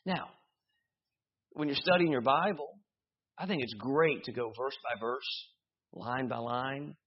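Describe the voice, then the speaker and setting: Casting: male preacher, husky voice, lively sermon with humor, lo-fi church recording. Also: mid-range voice, measured pace. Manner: animated preaching with humor and repetitions. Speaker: pastor. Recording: dull lo-fi sound.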